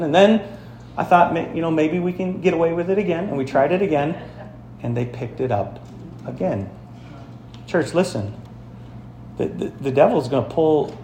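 A man pastor giving a sermon, telling stories and speaking straight to his congregation with emphatic, lively delivery. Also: medium pitch, echoey room, slight background noise. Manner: storytelling, emphatic, addresses congregation directly. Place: church sanctuary.

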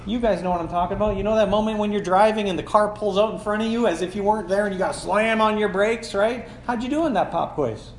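A man in his forties preaches as a pastor, with a voice pitched high for a man. He talks to the congregation in a loose, animated way and leans on rhetorical questions. The room sounds echoey, with a faint hiss underneath. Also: quick pace, hardly any pauses. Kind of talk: sermon.

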